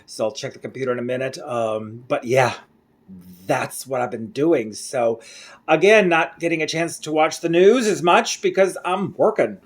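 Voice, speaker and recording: A man's voice: mid-range voice, fairly even intonation, moderate pace. A Mexican-raised man with an American English accent, rambling casually through a daily home video diary. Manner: rambling, chatty, self-correcting. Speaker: vlogger.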